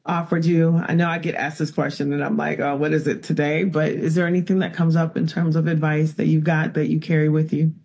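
A man hosting a relaxed interview, his voice a touch high and full of gravelly fry. He talks in a folksy, expressive way and trades stories with his guest. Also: a little fast, few pauses. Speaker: podcast host. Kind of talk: casual interview chat.

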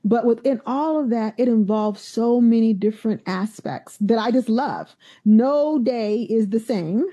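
A woman's voice: a little high, a little slow, hardly any pauses. A woman who is a university president, telling stories in an interview and acting out the voices of the people she quotes. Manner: animated storyteller, acts out quoted voices. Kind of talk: conversational interview storytelling.

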